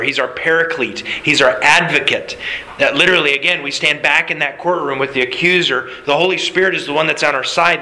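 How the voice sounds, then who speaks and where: A man's voice: on the high side, bright, forceful tone, rough recording. A man preaching a sermon in a conversational way, with fillers and asides. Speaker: pastor.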